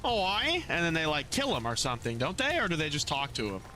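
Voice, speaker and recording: Young male streamer, casual and animated, pitch jumping all over, reads chat aloud and restarts sentences. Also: fast. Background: music.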